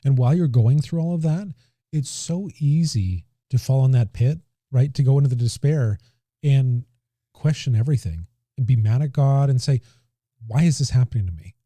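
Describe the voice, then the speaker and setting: A man's voice: medium pitch, moderate pace, mellow, dry recording. A man speaking reflectively in a candid conversation, often affirming with short replies.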